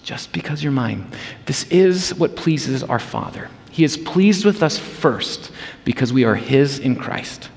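A man's voice: medium pitch, expressive, slow, long reverb tail. A man preaching a sermon as a pastor, earnest and emphatic in a conversational way.

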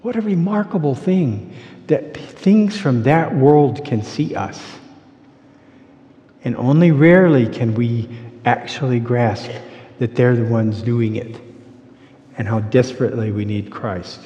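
A man preaching a sermon, telling the story in an animated way that drops to quiet intensity. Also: medium pitch, measured pace. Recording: dull lo-fi sound with long hall reverb.

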